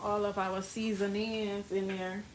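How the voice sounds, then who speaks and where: A woman's voice: medium pitch, flat delivery, measured pace, noisy background. Chatty woman cooking in an echoey kitchen. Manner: chatty, rambling with many fillers. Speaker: cooking vlogger. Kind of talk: casual cook-along chat. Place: home kitchen. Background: frying sizzle and kitchen clatter.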